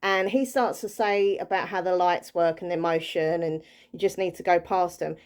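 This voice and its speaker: A woman recapping a ghost hunt in a casual vlog, chatty and excitable, with lots of fillers and restarts. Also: on the low side, normal speed. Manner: earnest and excitable. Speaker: paranormal vlogger.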